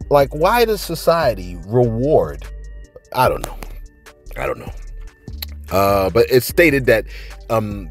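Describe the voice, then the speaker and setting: A man hosting a casual celebrity news commentary, animated and exclaiming, full of fillers such as "you know what I mean" and "man". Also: breathy edge. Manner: animated, exclaiming, laughing, swings from low mumbles to high exclamations; fillers and repeated phrases like 'you know what I mean' and 'man'. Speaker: celebrity news channel host. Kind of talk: casual commentary reading viewer shout-outs.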